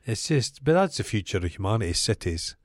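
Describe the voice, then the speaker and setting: Middle-aged Scottish podcast host, low register, blunt anecdote style, dead dry sound. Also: male voice, very animated, brisk, no echo. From Scotland. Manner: blunt, sweary storyteller. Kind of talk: casual chat.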